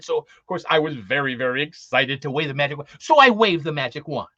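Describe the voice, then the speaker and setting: A man's voice: fairly high pitch, very animated, fast talker, few pauses, sharp tone, dry recording, muffled recording. A man who performs as Santa, giving a rambling, encouraging talk full of restarts and fillers. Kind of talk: casual motivational talk.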